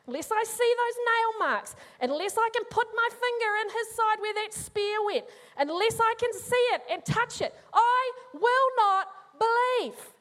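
A woman's voice: very high-pitched, animated, a bit bright, voice pushed up, heavily acted. Brief: a woman putting on a stubborn, arms-folded male disciple in a sermon, raised and insistent, drawing out each refusal. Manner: emphatic, indignant, drawn-out insistence. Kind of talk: sermon role-play.

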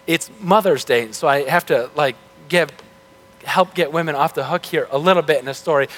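Male pastor, relaxed conversational sermon, self-correcting, fairly high voice, long church reverb. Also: normal speed.

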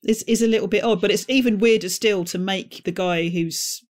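A man's voice: high voice, fairly quick. A man co-hosting a casual film podcast, rambling and laughing as he talks. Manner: laughing, rambling, self-interrupting. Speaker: podcast co-host.

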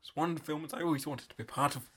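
A man's voice: on the high side, fairly even intonation, racing, lightly acted. A man playing a boastful but flustered actor in improvised comedy banter, stammering and prone to sudden outbursts. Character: boastful, flustered male actor, claims two Oscars.

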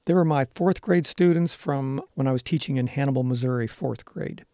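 Teacher guy being interviewed, gravelly voice, earnest, lots of uh's. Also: medium pitch, brisk, mellow, no echo, studio quality. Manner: earnest, explains with frequent uh fillers. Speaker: elementary school teacher, interview guest. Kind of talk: explanatory interview talk.

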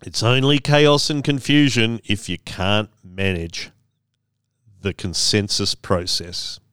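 A man's voice: lowish voice, fairly even intonation, slow pace, a bit bright. A man hosting a solo podcast, talking in a chatty, wry way with rambling asides. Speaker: podcast host.

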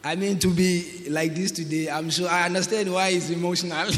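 A man's voice: fairly high pitch, steady tone, brisk, few pauses. A visiting pastor from Ghana, a man, speaking hesitantly with fillers and laughs as he addresses a church. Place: church hall. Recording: roomy church hall, crowd murmur.

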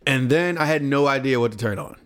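A young man co-hosting a casual podcast chat, animated and swearing freely. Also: medium pitch, fast. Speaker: podcast co-host, streamer.

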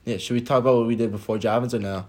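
A man's voice: mid-range voice, steady tone, very fast, darkish tone. A tired young man co-hosting a podcast, rambling through a story in casual chat with restarts and laughs. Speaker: podcast co-host.

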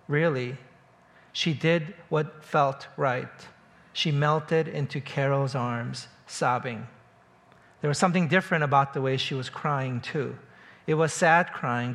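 A man preaching from the pulpit, his voice sitting a little higher than most men's. He tells a long story in a steady, measured voice, then softens as he reaches his closing words. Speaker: pastor. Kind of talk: sermon with read-aloud story.

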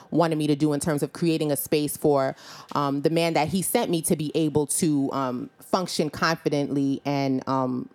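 A woman co-hosting a faith-based podcast conversation, unhurried and full of "um" pauses, calling people honey and babe. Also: sits low. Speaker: podcast co-host.

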